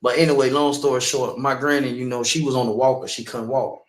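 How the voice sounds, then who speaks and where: A man's voice: mid-range voice, steady tone, fairly quick, roomy sound. A man giving a personal testimony in a sermon, talking conversationally and often checking in with the listeners. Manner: conversational, keeps asking "you know what I'm saying". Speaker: speaker.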